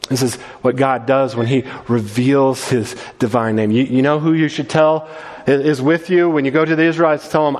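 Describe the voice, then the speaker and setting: A man's voice: mid-range voice, fairly quick. A man preaching a sermon with slides, earnest, often restarting and repeating words. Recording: long reverb of a large hall.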